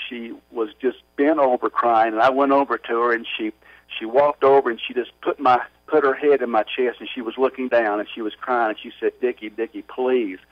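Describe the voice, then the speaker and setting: Earnest halting man on muffled radio. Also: medium pitch, no room sound. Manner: earnest, halting, with many restarts. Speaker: author and guest. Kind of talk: storytelling in a radio interview.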